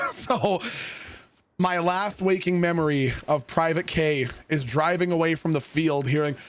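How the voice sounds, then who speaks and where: A male game streamer telling an army story and chatting with viewers in an animated, joking, profane way. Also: fairly high pitch, unhurried. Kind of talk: casual storytelling and chat with viewers.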